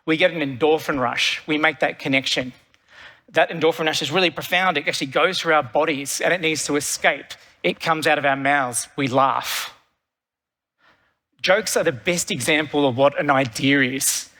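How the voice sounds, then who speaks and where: A man's voice: a little high, normal speed, sharp tone. A middle-aged man giving a keynote talk, telling stories energetically and repeating phrases for effect, on a conference stage. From Australia. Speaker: keynote speaker, creative director. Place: large conference hall stage. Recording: long reverb of a large hall.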